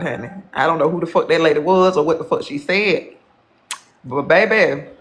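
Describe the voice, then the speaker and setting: Brief: male live streamer with a somewhat high voice, gossipy and foul-mouthed, loops back over his own sentences. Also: a bit bright. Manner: rambling, profane, repeats himself; gossipy, calls viewers honey. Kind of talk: casual live-stream chat.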